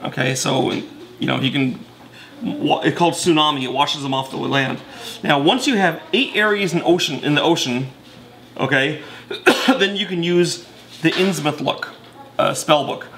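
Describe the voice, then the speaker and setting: A man's voice: on the high side, unhurried, a bit bright, slight background noise. A man casually explaining board game rules in a chatty, self-correcting way with many fillers.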